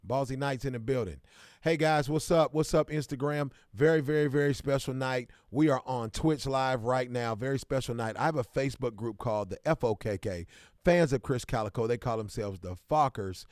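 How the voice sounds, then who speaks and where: A Midwestern man chats loosely on a livestream at an average pitch, calling out viewers by name and jumping into hyped greetings. His voice sounds close and dry, with no room echo. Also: moderate pace, a little mellow. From Kansas City, American Midwest. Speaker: livestream host. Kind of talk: casual livestream chat.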